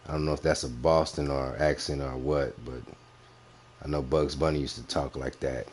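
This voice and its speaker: A man's voice: extremely low pitch, steady tone, normal speed. A man hosting a reaction commentary, bluntly and mockingly picking apart a clip, repeating his points for emphasis. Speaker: commentary host reviewing clips.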